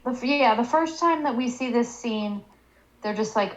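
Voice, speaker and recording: A woman's voice: medium pitch, moderate pace, muffled recording. A woman co-hosting a casual podcast, blunt and opinionated, who swears freely.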